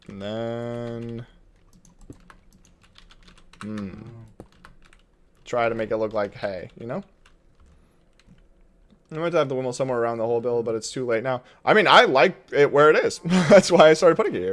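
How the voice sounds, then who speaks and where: A man streaming a building game from his desk at home, thinking aloud in casual commentary, reading chat and chuckling often. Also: medium pitch.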